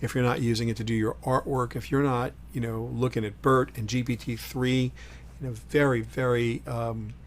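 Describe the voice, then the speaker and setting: A middle-aged man hosting a solo livestream, talking in an opinionated, emphatic way, swinging between loud punchy lines and quiet asides. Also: medium pitch, level tone, moderate pace. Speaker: host.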